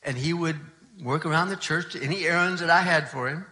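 An older man, a pastor, telling a story from his ministry in a relaxed, conversational sermon. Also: on the high side, fairly quick.

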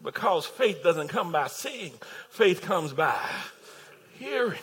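A man's voice: high-pitched, big pitch swings, slow pace, fairly bright tone, breathy edge. A man preaching a sermon, building his points through repeated phrases and calling out to the congregation.

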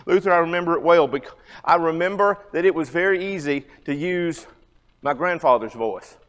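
A man's voice: on the high side, fairly bright tone. A man in his fifties teaching a church Bible class in a conversational way, asking the audience questions. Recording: long hall reverb.

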